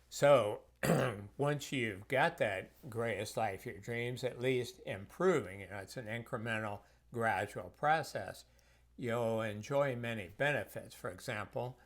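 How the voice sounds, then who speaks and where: A man who works as a health practitioner, telling reflective personal stories in a conversational way for a course video. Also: on the low side.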